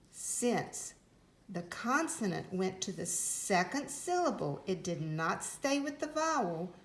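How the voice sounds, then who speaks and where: A woman leads a phonics lesson for young children, speaking slowly and clearly. She sounds encouraging and sets out each step with care. Her voice carries a roomy echo. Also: mid-range voice. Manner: slow, clear, encouraging teacher voice. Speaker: teacher.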